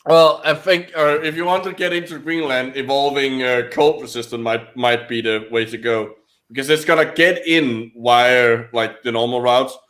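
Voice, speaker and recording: A man's voice: mid-range voice, steady tone, moderate pace, a bit bright. Danish-accented man, thinking aloud. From Denmark. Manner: thinking aloud, hesitant restarts. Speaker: co-host. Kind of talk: casual game-stream chat.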